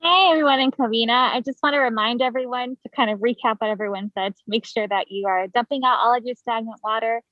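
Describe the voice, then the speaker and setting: A woman's voice: on the high side, quick pace, hardly any pauses, no echo, highs cut off. A woman educator recapping advice for residents in a friendly, casual way. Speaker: vector control educator.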